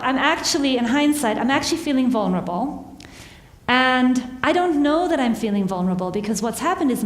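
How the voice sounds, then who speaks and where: A woman gives a conversational talk to a live audience, asking them questions and laughing at her own struggles. Her voice sits a little high. It carries through a large hall with a long, echoing tail. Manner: engaging, asks the audience questions, laughs at herself. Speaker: workshop speaker. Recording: echoey hall with long reverb.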